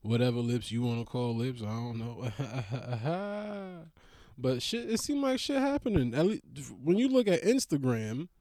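A young man riffing in a casual comedic monologue, rambling and profane, with big jumps up in pitch when he gets worked up. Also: very animated, a little slow, dark tone, no room sound, clean studio sound. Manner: trails off into mutters.

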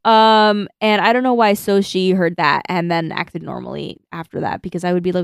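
A woman's voice: lowish voice, normal speed, gravelly, few pauses, clean tone, no echo, studio quality. A woman co-hosting a podcast, chatting casually and laughing as she reads out her notes. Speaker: podcast co-host. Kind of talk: casual chat recapping an anime.

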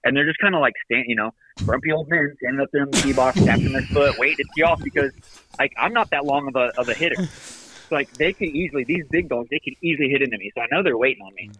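A man recounting a funny round of golf in a relaxed podcast chat. His voice is bright and forceful, and he keeps breaking into laughter as he plays out the dialogue. Faint noise sits behind him. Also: mid-range voice, quick pace, rough recording. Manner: animated, laughing storyteller acting out quotes. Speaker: podcast guest telling a story. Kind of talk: casual storytelling. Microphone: phoned in.

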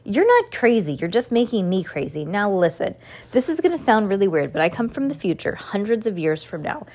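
A woman's voice: mid-range voice, sing-song, fairly quick, darkish tone. A woman voicing a bold, impatient young girl who speaks firmly and bluntly, in a storybook read-aloud. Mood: firm, urgent. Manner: firm, blunt, exasperated.

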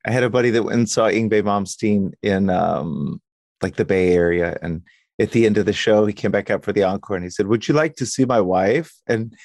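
Low-voiced male podcast host. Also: a little fast, gravelly, darkish tone, dry recording, studio quality. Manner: curious, rambling questions. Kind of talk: casual interview chat.

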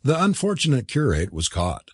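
A man narrating an audiobook in a measured storytelling manner. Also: medium pitch, wildly swooping pitch, breathy edge, no room sound, clean studio sound.

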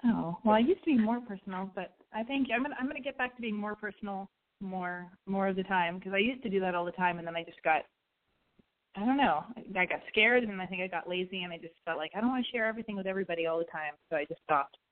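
A woman's voice: medium pitch, quick pace. A woman hosting a call-in podcast, brash, chatty and profane, with a slight lisp and allergy congestion. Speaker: call-in show host. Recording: tinny phone-quality sound.

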